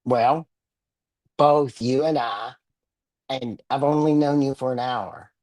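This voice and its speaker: A man's voice: mid-range voice, fairly even intonation, slow pace, a little mellow, dry recording. An older man with a Texan drawl talks plainly and bluntly as an interview guest. His humor stays dry. The sound is close and dead, with no room around it. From Texas Panhandle. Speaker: guest author. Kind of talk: casual interview talk.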